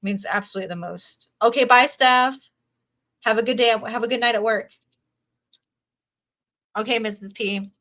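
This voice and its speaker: A woman's voice: on the high side, moderate pace, pauses often, bright, forceful tone. A woman reading tarot on a live stream, who repeats her phrases and reads viewers' comments aloud. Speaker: tarot reader.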